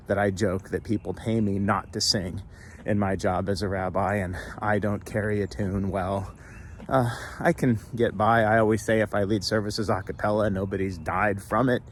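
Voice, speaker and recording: Chatty male rabbi, light room hum. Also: lowish voice. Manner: chatty, folksy, breaks into song. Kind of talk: casual video message.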